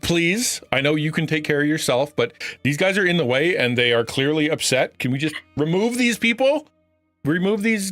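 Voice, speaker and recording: A man with a bright, fairly high voice plays his character at a tabletop game. His pitch swings widely as he moves between casual chatter and polite, in-character speeches to the table. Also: no echo. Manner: playful, speaks in character as a polite diplomat. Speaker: player. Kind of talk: in-character tabletop role-play.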